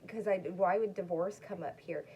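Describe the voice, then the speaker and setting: In a rough recording with a little hiss or hum, a tarot reader with a lowish, darkish voice talks briskly and in a fairly even tone. She rambles casually to her viewers during the reading and addresses her dog between cards.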